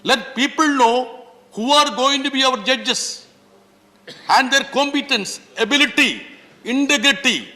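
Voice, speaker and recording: Indian-accented male legislator, high and bright voice, emphatic parliamentary address in a reverberant chamber. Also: measured pace. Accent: Indian English. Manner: emphatic, repeatedly addressing the chair as sir. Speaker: member of parliament. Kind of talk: parliamentary speech. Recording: long reverb of a large hall.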